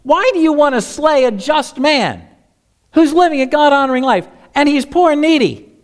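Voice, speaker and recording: A man's voice: extremely high pitch, expressive, moderate pace. A man preaching a sermon, reading scripture aloud and asking the congregation rhetorical questions. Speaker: pastor.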